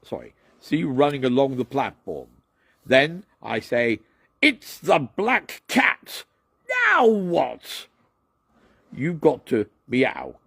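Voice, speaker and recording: A man voicing an excitable actor who keeps instructing and scolding a cat, in a raised, loud voice. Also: mid-range voice, slow pace, creaky, slightly rough, no room sound, studio quality, voice pushed up, heavily acted. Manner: loud, exasperated. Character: excitable male actor directing a cat scene.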